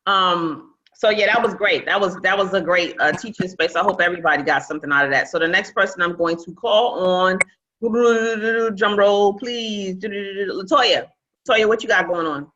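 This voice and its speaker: A woman's voice: fairly low pitch, fairly quick, sharp tone. A woman from Brooklyn, hosting a real estate training call in a chatty coaching manner. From Brooklyn, New York. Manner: chatty, repeats phrases, coaching tone. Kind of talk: casual online training call. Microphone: video call. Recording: dull lo-fi video call audio.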